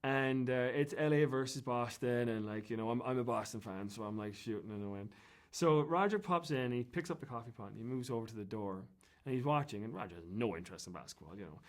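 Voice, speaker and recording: An Irish man guesting on an interview talks fast in a medium-pitched voice. He tells casual anecdotes in a rambling way, with lots of fillers and restarts.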